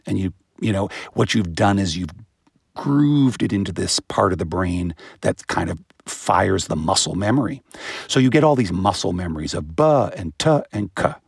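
Gravelly low-voiced man explaining with animation. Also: dry recording, clean studio sound. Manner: animated, imitates baby sounds with high-pitched bursts. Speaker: guest expert on voice and language. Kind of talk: explanatory interview answers.

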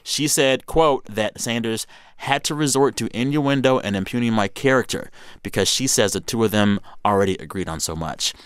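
A man's voice: medium pitch, moderate pace, smooth, no echo, clean studio sound. A man hosting a casual news podcast, reading quotes aloud and joking with his co-hosts. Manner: animated, playful, reads quotes aloud. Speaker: podcast host.

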